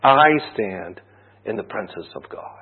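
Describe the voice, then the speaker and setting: A man's voice: fairly low pitch, expressive, unhurried, husky. A man preaching a sermon, telling a personal story in a conversational way and asking rhetorical questions. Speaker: pastor. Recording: tinny phone-like band.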